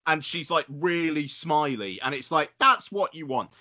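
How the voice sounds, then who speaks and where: Bright, rambling podcast man. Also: a little high, animated, normal speed. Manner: rambling, profane, emphatic. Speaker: podcast co-host. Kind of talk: casual podcast banter.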